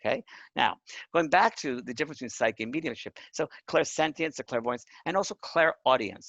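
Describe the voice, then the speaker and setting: An earnest man teaches, his pitch swinging lively and his stress emphatic. The recording is dry and a bit muffled. He checks in with his listeners now and then. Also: creaky, no echo. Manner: earnest, emphatic, often asks the listener "right?". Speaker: psychic medium teaching a course. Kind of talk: spoken lesson.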